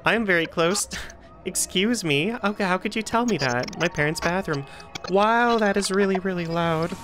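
A woman's voice: medium pitch, normal speed, fairly bright tone, faint music behind. A young woman giving nervous, joking commentary while playing a horror game, often repeating herself. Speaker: gaming video creator.

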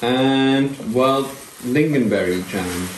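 A woman's voice: rumbling low, takes it slowly, reverberant, slight background noise, rough recording. A woman chatting casually in a kitchen, explaining things matter-of-factly with a laugh. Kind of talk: casual chat. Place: home kitchen.

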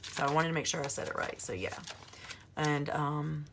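A woman in her forties with a hoarse voice, telling a long story in a casual vlog, rambling with plenty of fillers. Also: sits low, flat delivery, normal speed, background noise. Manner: chatty, rambling with many fillers. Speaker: planner vlogger.

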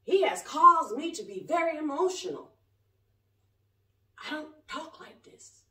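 A woman in her 40s, a self-styled prophet, preaches to a camera set up at a distance inside her home, her high voice echoing through the room. Her delivery is sing-song and measured, fervent, rambling and colloquial, swinging between shouting and soft asides.

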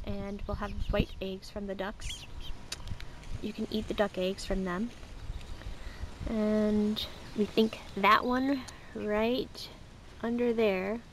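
A woman vlogging casually outdoors beside a backyard chicken coop, chatting as she shows the birds on a handheld camera. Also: slight background noise. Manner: chatty, talks to her birds in a high coaxing voice. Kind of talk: casual show-and-tell vlog. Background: chickens and ducks.

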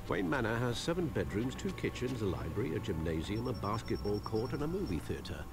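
A dry, teasing older butler. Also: male voice, lowish voice, sing-song, a little fast, vocal fry. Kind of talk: video game voice acting. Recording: game audio with music playing.

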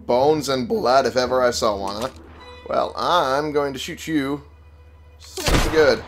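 A man's voice: medium pitch, slow, fairly bright tone, faint music behind. Wry, foul-mouthed young gamer man. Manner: wry, swears freely, talks back to the game. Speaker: let's play gamer. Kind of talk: casual gameplay commentary.

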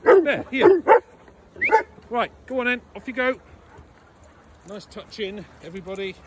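A man's voice: sits high, moderate pace. A man, a dog trainer, chatting and teasing his dogs while out walking in a frosty field. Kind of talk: casual talk to dogs on a walk. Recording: outdoor recording with clear background noise.

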